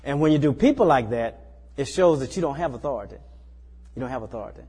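A man's voice: medium pitch, animated, fast, warm tone, breathy edge, big-room sound. A man preaching a sermon in a small church, talking in a loose, conversational way and often checking in with the listeners. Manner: conversational, folksy, repeats tag questions like "you know".

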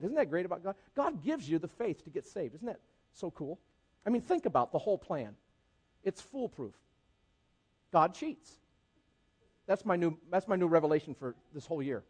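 A man's voice: sits high, normal speed, pauses often, breathy edge. A male pastor preaching a sermon with humor and repetition for emphasis. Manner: animated, humorous, repeats for emphasis.

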